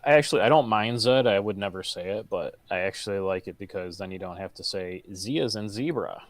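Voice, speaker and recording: Guest on a gaming stream: low-pitched man with a Michigan accent, easygoing. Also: a little fast. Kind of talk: casual chat while gaming.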